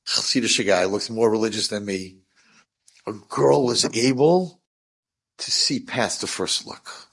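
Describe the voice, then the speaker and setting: A middle-aged man, a rabbi, telling an inspirational story in a lively, animated way and acting out the dialogue. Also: measured pace, gravelly, breathy edge. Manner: animated, acts out dialogue with big pitch swings.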